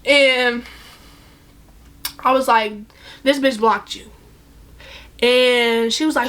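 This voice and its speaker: Young woman, casual storytime, slightly high pitch, animated, profane, quotes people. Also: takes it slowly, long pauses, smooth.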